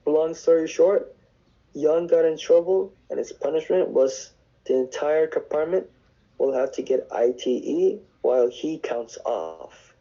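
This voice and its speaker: A man's voice: fairly high pitch, lively intonation, a little slow, warm tone, lo-fi sound. A young man, a navy sailor, telling rambling, profane stories in casual podcast chat. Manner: rambling, swears often, restarts. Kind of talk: casual storytelling. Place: dorm room on base.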